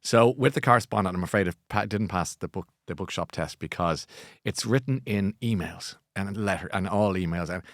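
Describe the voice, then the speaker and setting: A man with an Irish accent hosting a book show, chatty and animated, often laughing at himself. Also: low voice, a little fast, no room sound, clean studio sound. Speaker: host. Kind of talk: casual chat.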